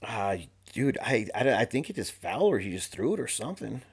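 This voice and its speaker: A man guest on a podcast telling a story in a casual, animated way, full of slang, fillers and restarts. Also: mid-range voice, a little fast, hardly any pauses, slightly rough. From Arizona.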